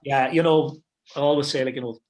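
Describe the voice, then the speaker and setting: A middle-aged football manager reminiscing in a casual interview, rambling with plenty of "you know" and restarts. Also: male voice, medium pitch, fairly even intonation, brisk, darkish tone.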